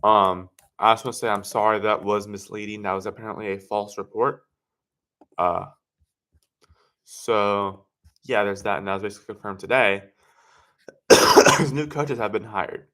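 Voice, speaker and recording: A man hosting a casual sports livestream, talking in a rambling, halting way and correcting himself often. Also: lowish voice, fairly even intonation, sharp tone. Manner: rambling, halting, self-correcting with many fillers. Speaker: sports stream host.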